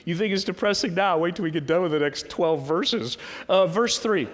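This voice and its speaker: Male pastor, slightly raised pitch, chatty rhetorical preaching, long reverb of a church hall. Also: moderate pace. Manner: conversational preaching with repeated rhetorical questions. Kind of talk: sermon. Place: church sanctuary.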